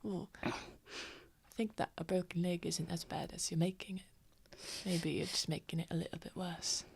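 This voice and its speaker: A woman playing a young woman gently mocking an injured friend in whispered role-play. Her voice sits low and she keeps the teasing quiet. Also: steady tone, slow, husky.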